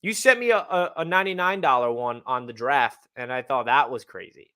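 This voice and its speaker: A man hosting a casual sports fan livestream, talking in a hyped, excitable way. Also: medium pitch, brisk, clean tone.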